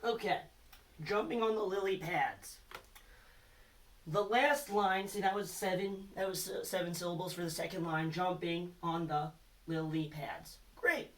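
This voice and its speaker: Slow, patient man teaching children. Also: high-pitched, steady tone, a bit bright. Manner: patient, encouraging, quizzing with letter hints. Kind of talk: recorded lesson for children. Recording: voice a little far from the mic.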